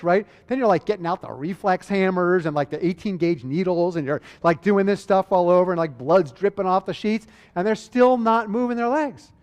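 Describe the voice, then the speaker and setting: A man giving a conversational, animated medical lecture, acting out exchanges with patients. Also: high voice, fairly quick, hardly any pauses, long reverb tail.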